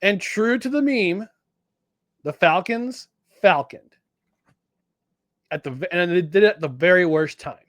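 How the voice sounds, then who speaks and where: Animated, joking sports podcast man. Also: high voice, fairly quick, few pauses, no room sound, clean studio sound. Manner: animated, jokey, frequent restarts. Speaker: podcast co-host. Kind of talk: casual sports chat.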